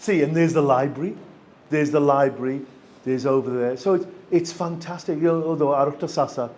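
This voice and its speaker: A man with a Sylheti accent talks through a student workshop at a rapid clip, his voice sitting a little high. He is chatty and eager and keeps checking that his listeners follow. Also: darkish tone. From Bangladesh, Sylhet region. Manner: chatty and enthusiastic, asks for agreement often. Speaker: university lecturer giving a workshop talk. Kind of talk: lively presentation to students.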